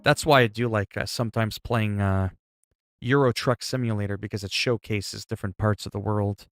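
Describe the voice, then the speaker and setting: A man chats easily through a game livestream, answering viewers and reacting with quick exclamations. His voice sits on the lower side, recorded close and dry with no room sound. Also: fairly bright tone, dry recording. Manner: chatty, reacting to chat and exclaiming. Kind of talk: casual livestream chat.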